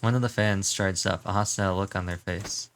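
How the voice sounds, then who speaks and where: A man's voice: low-pitched, steady tone, fairly quick, slight background noise. A man streaming his reaction to a game, musing casually and reading the story text aloud.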